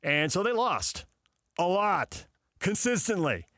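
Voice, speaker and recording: A man's voice: high-pitched, big pitch swings, takes it slowly, sharp tone, dry recording, studio quality. A man hosting a sports talk show, riffing casually with sarcastic asides and mock dialogues.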